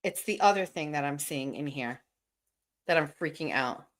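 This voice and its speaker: A woman hosting a casual livestream, excitedly opening gifts and chatting to her viewers while swearing freely. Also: low voice, moderate pace. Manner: excitable, swears often, laughs and gasps. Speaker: livestream host.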